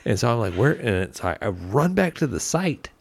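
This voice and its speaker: A lower-pitched man with a gravelly edge tells a story with a lot of swing in his voice. He acts out his own lines in a relaxed chat. The sound is close and dry. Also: moderate pace, dry recording. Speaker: barbecue team member.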